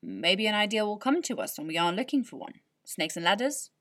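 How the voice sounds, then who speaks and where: A woman voicing an eager, encouraging father in a children's storybook, with a breathy tone. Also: mid-range voice, sing-song, brisk, a bit bright. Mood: suggesting. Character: cheerful, eager dad with ideas.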